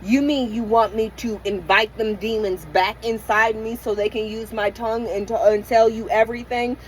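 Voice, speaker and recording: A woman's voice: fairly high pitch, fairly even intonation, moderate pace, a little hiss or hum, rough recording. Middle-aged woman venting raw and profane. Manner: raw, emotional, profane venting with many restarts. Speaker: van-life vlogger. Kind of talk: candid late-night vlog rant. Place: inside her parked van.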